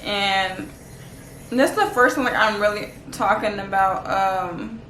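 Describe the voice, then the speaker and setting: A woman's voice: medium pitch, measured pace, fairly bright tone, a little hiss or hum. A woman from Los Angeles telling a casual storytime vlog in a chatty, slangy way, saying "like" a lot. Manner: chatty, slangy, heavy use of "like". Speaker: vlogger. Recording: echoey room.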